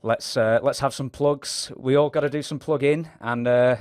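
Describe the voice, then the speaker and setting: A man's voice: medium pitch, steady tone, darkish tone, clear, resonant tone, dry recording. Casual male interview host. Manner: casual, friendly, quick asides.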